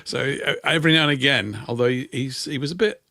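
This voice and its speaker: A man's voice: mid-range voice, fast talker, bright, forceful tone, no echo. Rambling Yorkshire man, dry humour. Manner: rambling anecdotes with dry self-mocking humour. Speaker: co-host. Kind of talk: casual radio chat.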